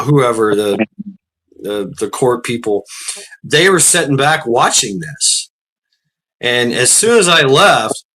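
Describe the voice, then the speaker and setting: A man hosting a casual talk show, telling a long story in a rambling way with many fillers and restarts, laughing often and acting out what others said. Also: bright, forceful tone. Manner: rambling, laughs often, acts out quotes with raised pitch. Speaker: podcast host.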